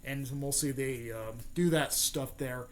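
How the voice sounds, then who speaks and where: A man's voice: medium pitch, unhurried, slight background noise. A young man casually rambling through fan speculation, swearing often and leaning on fillers. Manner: rambling, profane, many fillers. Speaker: fan video host.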